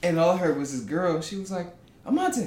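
A young man telling a story in a casual podcast chat, animated and quick with asides. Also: on the high side. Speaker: podcast guest. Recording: roomy room with faint noise.

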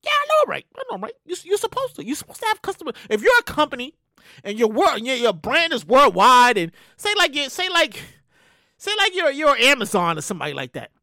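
A woman hosting her own show, ranting in a loud, profane, animated way with sudden shouted bursts. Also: high-pitched, fairly quick, dry recording, clean studio sound. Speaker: show host. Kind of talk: solo comedic rant.

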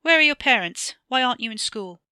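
A woman's voice: fairly high pitch, expressive, brisk, pushed and bright, clear, resonant tone, no room sound, studio quality, voice pushed up. A woman reading a short story aloud, voicing a stern, probing older man with a lilting accent. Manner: brusque, probing questions.

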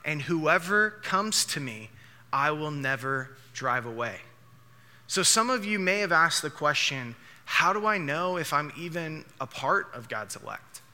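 A man's voice: a little high, lively intonation, unhurried, bright, forceful tone. A man preaching a sermon as a pastor, emphatic and repeating key phrases for stress. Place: church hall. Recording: long hall reverb.

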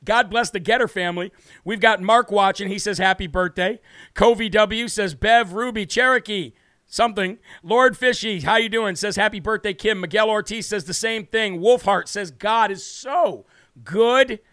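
An American man hosts a political livestream show from a home studio with a city view behind him, reading viewer comments brashly and hammering key words. His high-pitched voice has a sharp tone at normal speed. The studio-quality sound has no room sound.

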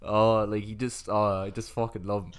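A man's voice: on the low side, little pitch movement, normal speed, a little hiss or hum. A man in his twenties with an Irish accent, co-hosting a podcast in casual, rambling chat full of swearing and filler words. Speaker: podcast co-host.

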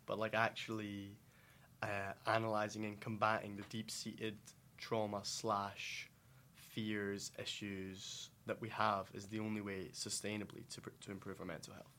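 A man's voice: on the low side, flat delivery, unhurried, sharp tone. A man, a podcast guest chatting casually and saying "like" a lot. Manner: chatty, lots of "like".

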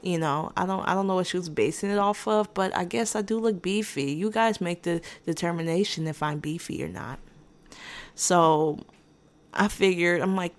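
A woman with a slightly low-pitched voice tells a casual story time as a podcast host. Her delivery is dry and sarcastic, full of restarts and asides, and she sounds unbothered throughout. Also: normal speed.

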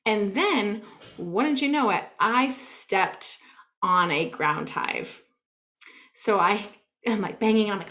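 A woman co-hosting a podcast, telling a story in a casual, animated way, full of "like" and acting out what she said. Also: fairly high pitch, measured pace. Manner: animated, peppered with "like", acts out her own quotes. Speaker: podcast co-host.

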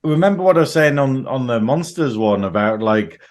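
Male co-host, lively, swears freely, acts out quotes. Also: mid-range voice, moderate pace. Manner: animated, swears, acts out quotes in silly voices. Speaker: podcast co-host. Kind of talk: casual chat.

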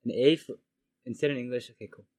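A man casually reading a pronunciation guide aloud to friends, halting and restarting as he goes. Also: medium pitch, darkish tone, no room sound.

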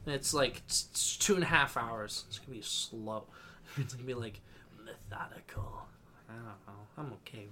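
A man's voice: medium pitch, moderate pace, sharp tone, a little hiss or hum. A man co-hosting a casual podcast about movies and games, laughing often and trailing off into mumbles. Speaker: podcast co-host.

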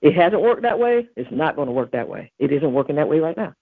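A woman with a husky, breathy voice preaches a devotional message with earnest emphasis, weaving in scripture. The sound is dry and narrow, like a phone line. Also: low voice, big pitch swings, brisk, no echo. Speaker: podcast host.

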